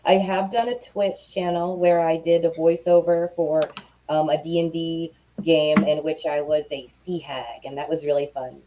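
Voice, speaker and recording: A woman from Middle Tennessee, a guest chatting on a live video call, soft-spoken and a little nervous. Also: deep voice, fairly even intonation, moderate pace, a little hiss or hum. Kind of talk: casual chat on a video call. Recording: dull lo-fi audio.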